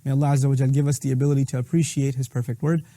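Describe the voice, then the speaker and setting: A man's voice: medium pitch, little pitch movement, rapid-fire, dark tone, dry recording, studio quality. A middle-aged man giving an explanatory, emphatic lecture on Quranic verses, reciting short passages in Arabic. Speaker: Islamic speaker.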